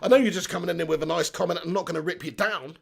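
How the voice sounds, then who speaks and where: A young man hosts a casual livestream, his voice high and gravelly. He talks bluntly, swears a lot and jokes around as he reads out viewers' comments. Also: very fast. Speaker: fan channel livestream host.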